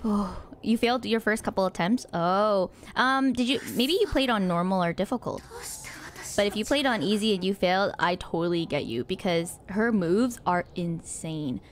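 A woman giving live gameplay commentary, excitable and breathless, shrieking and gasping as she plays. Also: mid-range voice, normal speed, a little hiss or hum. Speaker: gamer streamer. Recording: game music playing loudly behind.

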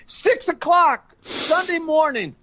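A man's voice: extremely high pitch, animated, slow, a bit bright. An older man, a guest joke teller, rattling off dirty jokes in a brash way and cackling at his own punchlines. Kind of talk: rapid-fire dirty joke telling.

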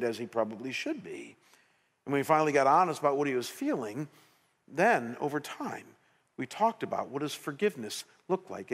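Middle-aged man, pastor, sermon, storytelling, animated restarts, long hall reverb, mid pitch. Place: church sanctuary.

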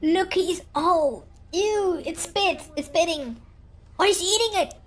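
A woman hosting a reaction video, excitable, gasping and laughing with constant exclamations over the clips. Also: very high voice, takes it slowly. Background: clip sound and music playing.

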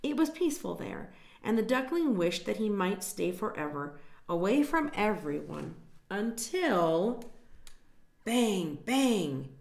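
A woman reading a picture book aloud to children, gently stopping to explain words and point at the pictures. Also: medium pitch, big pitch swings, measured pace, vocal fry. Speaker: storytime reader. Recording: echoey room.

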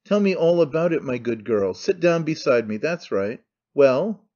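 A domineering aging noblewoman, put on by a male audiobook reader, all scolding commands and sharp outbursts. The voice sits a little high and comes through a dull, lo-fi recording. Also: very animated, moderate pace. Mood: stern.

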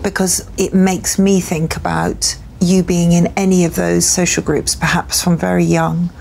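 A woman speaking as a therapist, asking gentle, probing questions. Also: on the low side, little pitch movement, measured pace, vocal fry, slight background noise. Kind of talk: therapy session.

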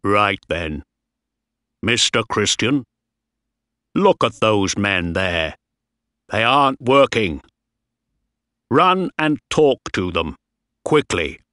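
Casting: man playing a harsh, bossy captain, deep, slow, clipped commands, dry sound. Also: big pitch swings, bright, forceful tone, no echo, exaggerated voice. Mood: stern. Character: stern, bossy young male ship captain.

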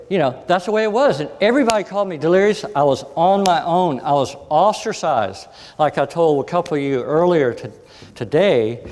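A man giving a storytelling lecture as a guest speaker, animated and acting out the voices of people he quotes. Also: mid-range voice. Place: conference hall. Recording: long hall reverb.

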